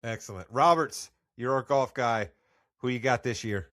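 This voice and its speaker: A man hosts a sports podcast in loose, upbeat chat. His voice sits at a middle pitch, recorded dry and close with no room sound. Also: moderate pace, fairly bright tone, no echo. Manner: upbeat, loses his train of thought. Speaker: podcast host.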